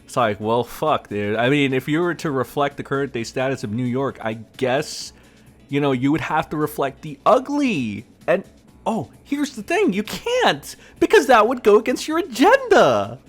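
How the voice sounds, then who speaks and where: A man ranting in a heated, sarcastic commentary vlog, swearing freely. His pitch jumps around in a lively way. Faint music plays behind him. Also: normal speed. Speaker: gaming commentator.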